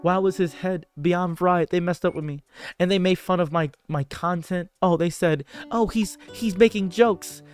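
A man's voice: sits high, fairly even intonation, moderate pace, soft background music. A man hosting a commentary video, lecturing on dating in a sarcastic, preachy way and mocking others with exaggerated voices. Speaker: commentary channel host.

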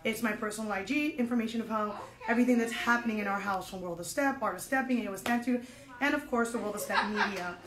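A woman's voice: fairly high pitch, fast, reverberant, crowd noise. A woman instructor leading an online step dance lesson, counting out beats and encouraging her students, a little out of breath, in a dance studio. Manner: upbeat and encouraging, counts aloud.

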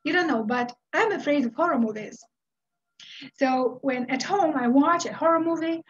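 A middle-aged woman from Uzbekistan tells a story with a high voice and a slow, dramatic delivery full of pauses. The recording sounds dull and lo-fi. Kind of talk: storytelling speech.

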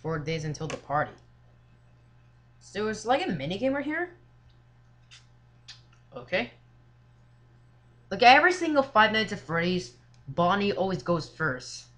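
A gamer in casual let's-play commentary who fills speech with "like" and "seriously," swears constantly and yells at jump scares. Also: medium pitch, sing-song, a little slow, long pauses. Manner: filler-heavy, says "like" and "seriously" often. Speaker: gamer playing a horror game.

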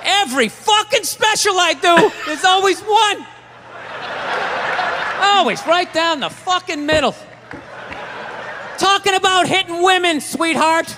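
A man's voice: very high voice, measured pace, pauses often, a crowd in the background, background noise. A man doing a stand-up comedy routine, ranting and swearing in exasperation before a live audience.

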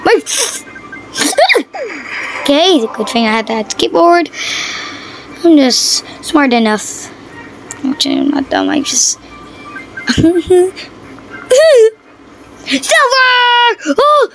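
A woman chatting casually over her gameplay, excitable and quick to gasp and yelp at what happens on screen. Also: on the high side, faint music behind, low-quality recording. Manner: excitable, yelps and gasps at the game. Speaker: mobile game player.

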